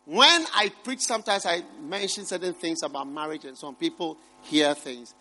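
A middle-aged man preaching a sermon, rising to loud emphatic peaks and dropping to low murmured asides. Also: normal speed. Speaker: pastor.

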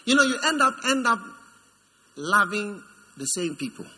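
At a moderate pace and with a breathy edge, a preacher animates his sermon by impersonating figures in put-on voices. He shifts from high mocking tones down to low, intimate ones.

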